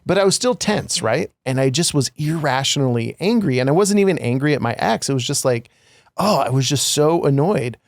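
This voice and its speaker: A man's voice: fairly high pitch, lively intonation, fairly quick, no room sound, studio quality. A middle-aged man co-hosting a casual podcast, telling a candid personal story with lots of fillers and asides. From United States. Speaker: podcast co-host.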